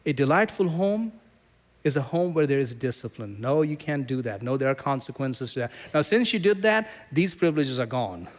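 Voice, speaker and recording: A middle-aged man from South Asia preaching a sermon as pastor, telling stories with lively, acted-out quotes. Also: mid-range voice, moderate pace. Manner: animated storyteller, acts out quoted voices.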